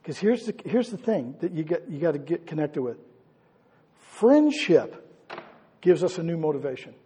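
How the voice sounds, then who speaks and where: A man who is a pastor, preaching a conversational sermon, asking his congregation questions and swinging between loud and hushed delivery. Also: fairly high pitch, sing-song, moderate pace, slightly rough, in a large hall. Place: church hall.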